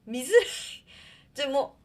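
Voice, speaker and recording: A woman's voice: high voice, very animated, very fast. A woman with a Japanese accent chatting casually on a live stream and mixing Japanese and English as she goes.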